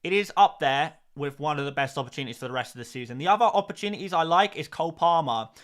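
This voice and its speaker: A man's voice: fairly high pitch, animated, quick pace, fairly bright tone. Chatty man hosting a live stream. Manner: chatty, repeats phrases, frequent fillers and restarts. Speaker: host of a fantasy football live stream.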